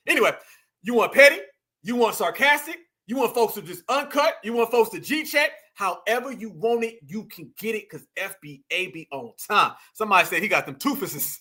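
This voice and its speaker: A man's voice: very high voice, lively intonation, moderate pace, sharp tone. A man hosting a casual reaction commentary, mocking and laughing as he talks to viewers he calls family. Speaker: commentary show host.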